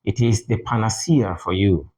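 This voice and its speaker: A man teaching English pronunciation in a deliberate manner, repeating key words for emphasis. English is not his first language. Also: lowish voice, darkish tone, rough recording. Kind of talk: spoken lesson.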